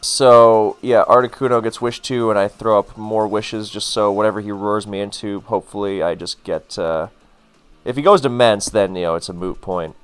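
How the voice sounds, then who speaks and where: A man's voice: lowish voice, fairly even intonation, moderate pace, clean tone, faint music behind. A man casually commenting on his own game, rambling into wry asides with plenty of fillers. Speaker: gaming commentator.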